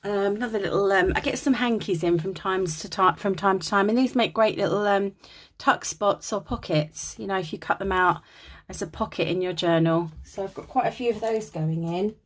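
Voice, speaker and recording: A woman's voice: medium pitch, normal speed, a little hiss or hum. Woman, from England, chatty, gushing, casual vlog, dim home room. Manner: gushing and chatty, with many ums. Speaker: crafter showing vintage linens. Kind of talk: casual show-and-tell vlog.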